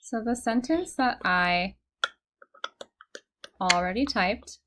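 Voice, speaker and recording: A woman's voice: on the high side, slow pace, background noise. A young woman teaching a one-on-one phonics lesson, patient and encouraging, explaining step by step, recorded on a computer in an indoor room.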